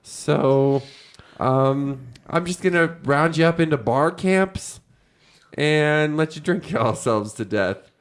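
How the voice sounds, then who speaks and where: A man's voice: fairly high pitch, slow pace, clean tone. A man playing a slangy, dim governor. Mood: flippant. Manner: drawling, full of "like" and "um". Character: slangy, dim-witted male governor with a careless manner. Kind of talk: in-character speech in a tabletop game.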